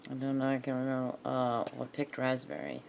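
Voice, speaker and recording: A woman's voice: extremely low pitch, little pitch movement, fairly quick, creaky, a little mellow, slight background noise. A woman chatting casually to herself while she crafts, muttering and laughing often. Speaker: craft video maker.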